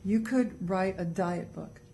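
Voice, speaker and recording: A woman's voice: mid-range voice, takes it slowly, warm tone. A woman co-hosting a casual webcast talk show, chatty and upbeat as she gives tips. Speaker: co-host. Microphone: webcast studio mic.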